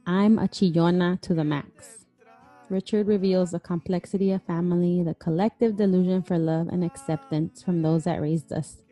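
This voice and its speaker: A woman's voice: on the low side, steady tone, moderate pace, warm tone. A woman co-hosting a podcast, reacting to a story in a heartfelt, frank way. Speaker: podcast co-host. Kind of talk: casual podcast commentary. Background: faint guitar music.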